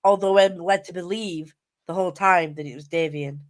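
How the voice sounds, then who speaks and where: A woman co-hosting a casual livestream book chat, speaking hesitantly with halting starts. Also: lowish voice. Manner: hesitant, halting, laughs easily. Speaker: book podcast co-host.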